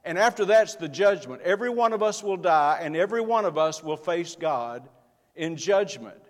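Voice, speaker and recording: A man's voice: high-pitched, expressive, moderate pace. Man preaching in a reverberant church. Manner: earnest preaching, builds in force. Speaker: pastor. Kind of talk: sermon. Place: church sanctuary. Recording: long hall reverb.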